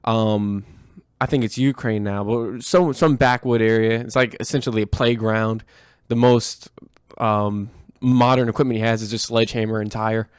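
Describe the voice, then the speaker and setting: A man's voice: lowish voice, steady tone, normal speed, clear, resonant tone, no room sound, studio quality. A man who coaches martial arts, chatting enthusiastically with plenty of fillers. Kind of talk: casual conversation.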